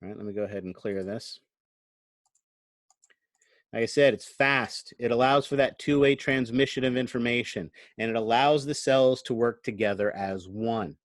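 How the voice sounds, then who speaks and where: A man's voice: medium pitch, normal speed, no echo. A man giving a recorded online lecture into a computer microphone, explaining things conversationally and often checking in with "right?". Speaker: college lecturer.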